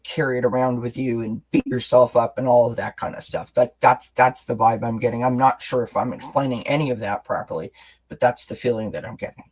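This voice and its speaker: A man's voice: medium pitch, darkish tone, poor audio. A man doing a live-streamed tarot reading, talking to viewers as friends in a rambling, chatty way with many restarts. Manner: talks directly to viewers as friends. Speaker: tarot reader.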